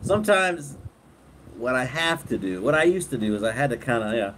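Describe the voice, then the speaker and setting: A man hosting a casual live stream, relaxed, reading viewer comments aloud and laughing often. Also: mid-range voice, fairly quick, poor audio. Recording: clear background noise.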